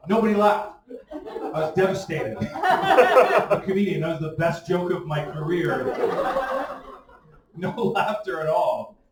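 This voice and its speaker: Guy in his late 30s doing standup, lively up-and-down voice, echoey club heard from far off. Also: sits high, slow, pauses often, over a noisy crowd. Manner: self-mocking, chuckles through his jokes. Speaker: stand-up comedian and show host. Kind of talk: stand-up comedy set. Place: comedy club stage.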